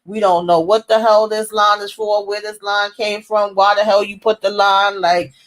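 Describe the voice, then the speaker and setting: A woman casually recapping a TV series episode in a slangy, profane, animated way, often acting out the characters' lines. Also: mid-range voice, normal speed.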